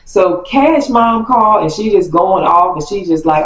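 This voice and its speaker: A woman tells a family story in a casual storytime style. She is animated, stops to correct herself, and laughs along the way. The recording has a roomy echo, with her voice sitting away from the mic. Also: on the low side, unhurried, few pauses, distant mic. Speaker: storytime vlogger.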